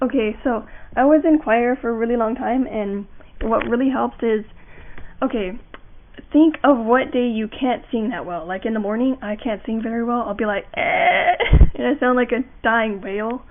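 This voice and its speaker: A woman's voice: on the high side, normal speed. A young woman giving a casual voice acting how-to, rambling with fillers and restarts. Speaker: voice acting tutorial maker. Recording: tinny lo-fi home mic.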